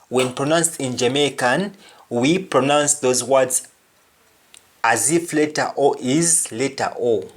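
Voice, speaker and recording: Slow, lively-pitched man teaching pronunciation. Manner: deliberate, repeating each word in pairs. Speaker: language teacher. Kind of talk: pronunciation lesson.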